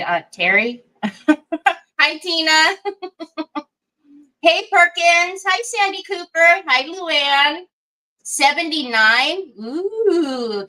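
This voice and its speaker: Woman, livestream craft host, casual chat, sharp bright tone, laughs a lot, self-teasing. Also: fairly high pitch, poor audio. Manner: chatty, greets viewers by name, laughs often; self-deprecating and giggly.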